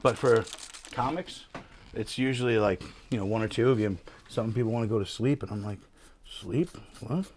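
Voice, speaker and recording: A man's voice: on the low side, steady tone, a little fast, a little mellow, a little hiss or hum. A man hosting a podcast who is from Long Island, talking in a loose, rambling, profane way and often putting on other people's voices. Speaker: podcast host and tattoo artist. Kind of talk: casual podcast chat.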